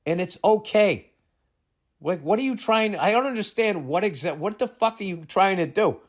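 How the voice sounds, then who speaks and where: A man's voice: high-pitched, animated, normal speed. A man in his fifties ranting alone as podcast host, a rambling storyteller who swears constantly and sounds exasperated and incredulous. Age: 50s. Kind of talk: casual solo ranting monologue.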